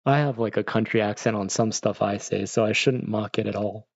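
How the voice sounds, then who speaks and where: A man's voice: fairly low pitch, steady tone, brisk, creaky, no echo. A man, an art teacher, chatting casually on a livestream, joking and swearing as he rants. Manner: profane, ranting, joking. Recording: dull lo-fi stream audio, dry.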